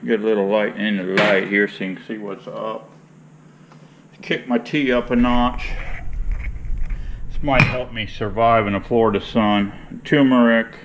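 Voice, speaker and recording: A man's voice: lowish voice, fairly even intonation, a little slow, long pauses, dull audio, noisy background. A man from Michigan chatting casually to viewers in a folksy, rambling way as he mixes tea outdoors before working his bees. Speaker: beekeeper vlogger. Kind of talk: casual vlog chat. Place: outdoors in hot sun.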